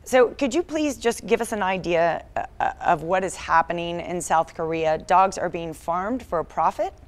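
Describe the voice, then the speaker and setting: A woman's voice: on the low side, lively intonation, normal speed. A woman news anchor hosting a morning TV interview, earnest and a little choked up as she talks.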